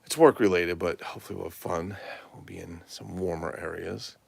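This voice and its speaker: Man, very low voice, gravelly, tired, profane, rambling livestream chat. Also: fairly even intonation, a little fast, no room sound. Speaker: toy collector livestream host.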